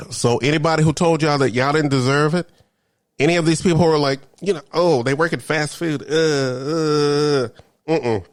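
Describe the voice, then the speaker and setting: A man, ranting comedically to camera in a vlog and dropping into hushed whispered asides. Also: mid-range voice, dry recording, clean studio sound. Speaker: vlogger.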